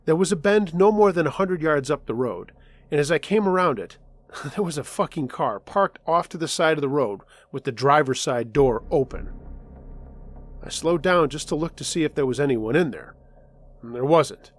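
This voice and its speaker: A man narrating first-person scary road stories in a scripted storytelling style, dropping his voice low for tense moments. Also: animated, moderate pace. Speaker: storyteller reading listener stories. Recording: faint music underneath.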